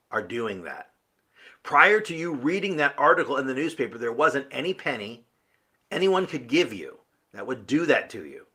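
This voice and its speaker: Guy doing a motivational talk, bright forceful voice, earnest and punchy. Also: medium pitch. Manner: earnest, emphatic, rhetorical questions. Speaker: motivational speaker.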